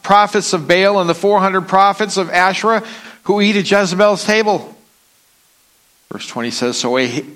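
Male preacher, fairly high voice, sermon, dramatic scripture reading. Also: a bit bright. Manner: reads scripture aloud with dramatic rises and falls.

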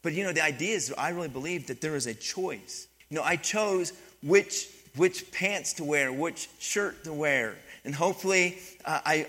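The voice of this middle-aged pastor sits high as he preaches an animated sermon. He alternates between quiet stretches and rising intensity, regularly turning to the congregation with questions.

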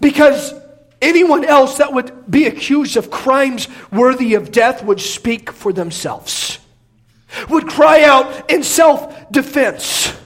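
A man with a strikingly high voice preaches through a passage, pressing his points with emphasis. He doubles up words as he goes and now and then lifts into a near shout. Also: lively intonation, takes it slowly. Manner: emphatic preaching, repeats words, bursts of raised voice. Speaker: pastor. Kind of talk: expository sermon.

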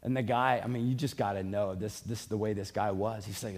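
A man's voice: mid-range voice, a little fast, hardly any pauses. A man preaching a sermon, earnest and conversational, mixing scripture with personal stories. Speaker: pastor.

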